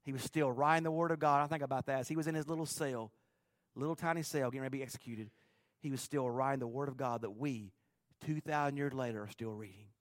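A man preaching a sermon with animated, joking, emphatic storytelling. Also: mid-range voice, fast, no room sound. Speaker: pastor.

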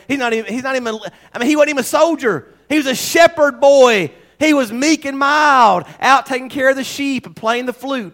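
A man preaching a sermon in a folksy, animated storytelling way. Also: extremely high pitch, moderate pace. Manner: folksy, animated storytelling with mock voices and laughs.

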